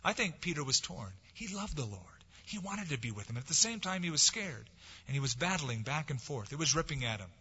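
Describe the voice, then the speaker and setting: A man preaching a sermon, swinging from forceful, dramatic lines to soft, hushed ones. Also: fairly high pitch, sing-song, fairly quick, slightly rough. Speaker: pastor. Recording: dull lo-fi sound with long hall reverb.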